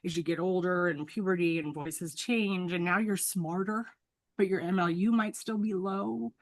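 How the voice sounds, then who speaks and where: A woman with a lowish voice talks as a guest speech-language pathologist, laying out her points in an earnest, teacherly manner. She often checks in with the listener by asking "right?". The sound is close and dry, with no room echo. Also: steady tone, moderate pace. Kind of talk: explanatory professional conversation.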